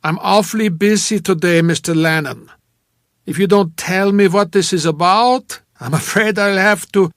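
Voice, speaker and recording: Man doing a big booming businessman voice, jovial and loud, kinda actorish. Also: moderate pace, no room sound, studio quality. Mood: hearty. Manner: hearty, booming, defensive. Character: jovial, booming middle-aged businessman, blustery.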